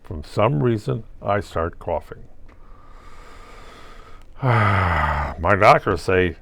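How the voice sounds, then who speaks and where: Older man, gravelly and unhurried, talking to himself in a wry, wandering monologue. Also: low voice, lively intonation, a bit bright. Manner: muses aloud, asks and answers himself with wry asides. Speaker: vlogger. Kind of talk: rambling solo monologue.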